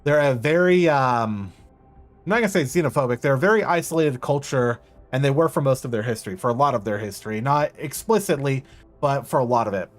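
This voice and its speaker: A male streamer talks casually over his game at an average pitch. He rambles, stops and restarts, and fills gaps with ums. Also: brisk, faint music behind. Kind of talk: casual live-stream commentary.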